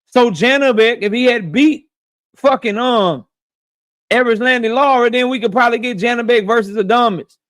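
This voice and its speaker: A young man with a strikingly high voice hosts a boxing talk show. He is blunt and profane, and he says his points twice for emphasis in casual, opinionated commentary. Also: moderate pace, a bit bright.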